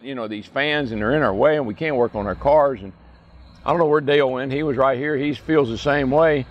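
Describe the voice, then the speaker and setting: An older man telling folksy stories in a casual way, animated as he acts out what others said. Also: a little high, highs cut off. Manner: folksy, animated storyteller who acts out quotes in a raised voice. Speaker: retired racing driver telling stories. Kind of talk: casual storytelling. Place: outdoors at a racetrack.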